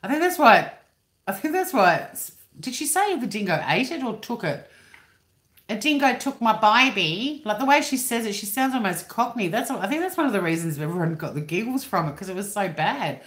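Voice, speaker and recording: In her living room, an Australian woman in her fifties hosts a livestream in a mid-range, sing-song voice that moves a little fast. The chat is rambling and casual with free swearing, and the room gives an echoey sound.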